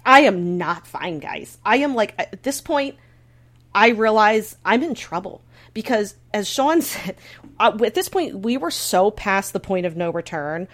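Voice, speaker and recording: A young woman casually telling a story on a podcast, full of fillers and restarts, breaking into squealing high bits as she acts out her own panic. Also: animated, unhurried, fairly bright tone. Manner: frequent filler words, restarts. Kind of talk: casual chat.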